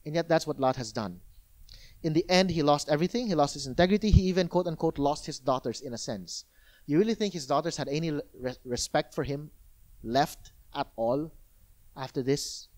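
Animated pastor with a high voice. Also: male voice, brisk. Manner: animated, conversational preaching with rhetorical questions. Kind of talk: sermon. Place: church.

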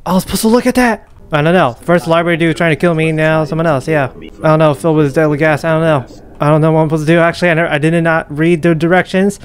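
A young man commentating a horror game as he plays, muttering, whispering and panicking with rapid repeats. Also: a little high, fairly even intonation. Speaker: gaming YouTuber. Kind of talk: live gameplay commentary.

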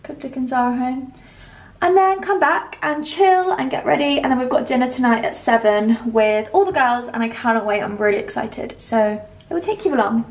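A woman's voice: sits high, moderate pace. A woman, chatting enthusiastically as she tours a hotel room and shows her outfit. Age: 20s. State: a little out of breath. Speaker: lifestyle vlogger. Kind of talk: casual vlog tour and outfit chat.

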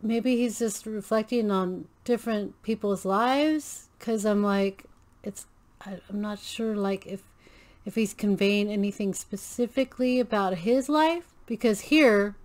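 Speaking a little slowly at medium pitch with a darkish tone, a Filipino American woman reacts casually on video. She gushes and thinks out loud, restarting often and using many fillers.

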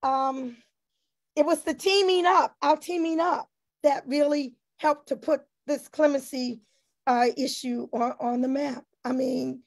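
High, tearful woman hosting an online tribute. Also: steady tone, measured pace, creaky. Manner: tearful, emotional, warm thanks. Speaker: host. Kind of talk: emotional tribute gathering.

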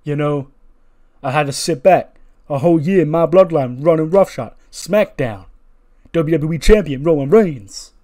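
A man doing a shouty hot-headed young wrestler. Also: on the high side, normal speed, voice pushed up, close to an everyday voice. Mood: angry. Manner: shouty, repeating "Uso" as a tag. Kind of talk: mock wrestling promo.

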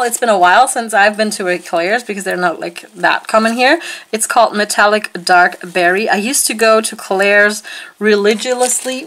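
A woman vlogger chatting casually and gushing excitedly as she unpacks a nail polish haul at home, full of fillers. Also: medium pitch, low-quality recording. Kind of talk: casual unboxing haul chat.

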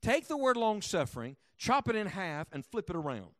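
Male pastor, high voice, dry close sound; emphatic sermon delivery. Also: sing-song, moderate pace, dry recording. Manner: emphatic, asks the congregation questions; swings from loud to hushed.

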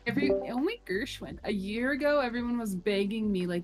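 A chatty woman streamer talking casually over a game, swearing freely and reading out chat messages. Her voice sits a little high, with faint music in the background. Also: animated, fairly quick.

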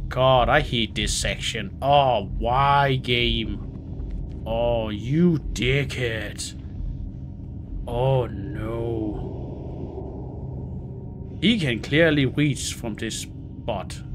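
A man's voice: medium pitch, a little hiss or hum. A man with a Scandinavian accent, a gaming host muttering, groaning and swearing through a horror let's play. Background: game music.

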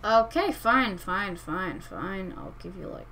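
A woman's voice: mid-range voice, animated, a little slow, a bit bright, a little hiss or hum, low-quality recording. A woman hosting a let's-play, commenting casually on her strategy game in a rambling, hesitant way that keeps correcting itself. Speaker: gaming channel host.

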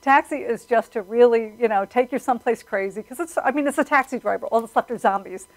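A woman, a filmmaker guest telling stories in an animated, casual interview, acting out quotes. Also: fairly high pitch, quick pace, poor audio. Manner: animated storyteller, acts out quotes.

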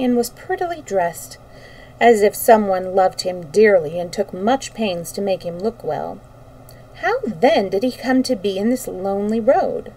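A woman reading a children's book aloud on a livestream, relaxed, with small slips. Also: mid-range voice, far from the mic, a little hiss or hum, low-quality recording. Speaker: storyteller.

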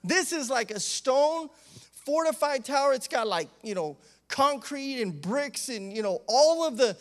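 A man, an associate pastor, preaching a sermon in a conversational, animated way, with frequent asides and calls of amen. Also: very high-pitched, measured pace. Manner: animated, acts out the disciples' pleading.

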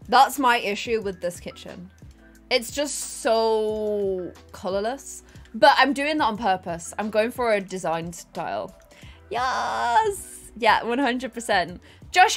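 A woman's voice: a little high, fairly bright tone. A chatty, bubbly woman streaming a life sim game at her desk at home, talking to her viewers and her pets. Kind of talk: casual live-stream chat.

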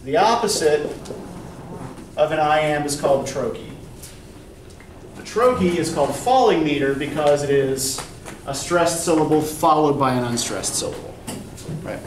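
A man's voice: fairly high pitch, normal speed, pauses often. A male college English instructor giving a classroom lecture, explaining step by step and checking in with "right?". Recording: echoey classroom from far off, faint noise.

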